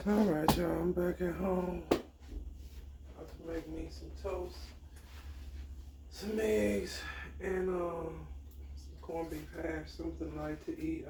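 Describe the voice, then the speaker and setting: A woman, vlogging casually in a weary, sighing, drawn-out way. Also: low voice, vocal fry. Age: 50s. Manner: weary, tearful, frequent sighs, says "y'all". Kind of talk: casual vlog talk to camera. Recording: echoey room with noise.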